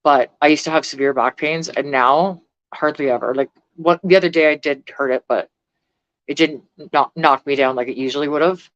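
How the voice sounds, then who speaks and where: A woman's voice: sits low, moderate pace, dry recording, highs cut off. A middle-aged woman vlogger chatting casually on a live stream, blunt and rambling, swearing freely.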